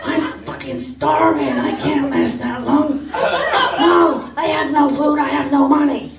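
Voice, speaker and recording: A British woman voicing a brash, overdramatic female airline passenger who is starving, heard from a distance over a loud crowd. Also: sits high, steady tone, measured pace, pitched above the performer's own voice. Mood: frantic. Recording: distant echoey stage sound, loud crowd.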